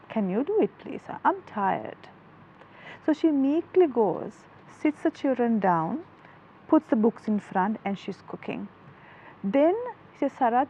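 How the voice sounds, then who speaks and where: A woman's voice: on the high side, highs cut off, slight background noise. A woman, a psychology guest on a talk show, explaining earnestly through a story. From Sri Lanka. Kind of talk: studio talk show interview.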